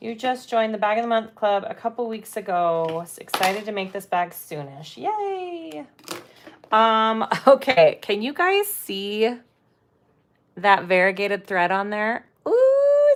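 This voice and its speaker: A woman's voice: mid-range voice, fairly bright tone, slight background noise. A middle-aged woman hosting a casual sewing livestream, chatting playfully, laughing often and reading viewer comments aloud. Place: home sewing room.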